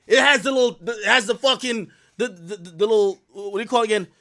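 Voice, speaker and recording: Male stream host with a high, bouncing voice, profane and excitable, jumping from shouts to mutters, recorded dry. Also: fast talker, no room sound. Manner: animated, profane and excitable, swinging between loud outbursts and mutters. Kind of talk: casual storytelling on a live stream.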